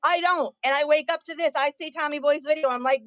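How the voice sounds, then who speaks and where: A woman's voice: high voice, fairly even intonation, fairly quick, a bit bright, no room sound, lo-fi sound. A woman ranting angrily and profanely on her livestream, confronting her viewers head-on. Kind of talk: angry livestream rant.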